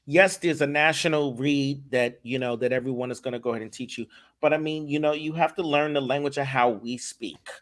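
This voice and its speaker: A man talking as a guest in a casual podcast interview, animated and emphatic, often repeating his words. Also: medium pitch, a little fast. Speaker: voice acting director, guest.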